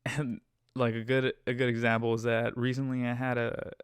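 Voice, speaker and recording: A man's voice: mid-range voice, moderate pace, clear, resonant tone, no room sound, studio quality. Profane, incredulous man telling a story. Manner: animated, profane, incredulous, repeats words when flustered. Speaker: podcast host and rideshare driver. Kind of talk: casual storytelling rant.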